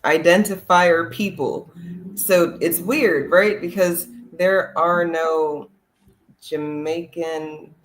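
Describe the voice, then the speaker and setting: A man hosting a casual conversation, measured and reflective. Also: a little high, fairly even intonation, a bit bright.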